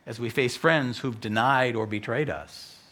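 A male pastor with an American accent preaching a sermon, telling the story with animated delivery and acted-out voices. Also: mid-range voice, a little slow. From United States.

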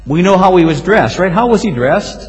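A male pastor preaching a sermon, telling stories with lively swings and sudden loud exclamations. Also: high-pitched, fairly quick, soft background music. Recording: hall reverb.

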